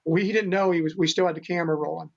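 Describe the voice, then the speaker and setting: A man's voice: a little high, fairly even intonation, very fast, vocal fry. An older man, a guest telling stories about animal rescue in an earnest, rambling way with many restarts, on a dull recording. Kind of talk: storytelling interview talk. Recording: dull lo-fi sound.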